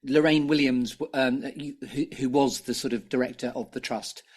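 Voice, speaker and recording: A man hosting an interview podcast, eager, quick to laugh and apt to correct himself as he goes. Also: medium pitch, steady tone, darkish tone. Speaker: podcast host. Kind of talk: conversational interview.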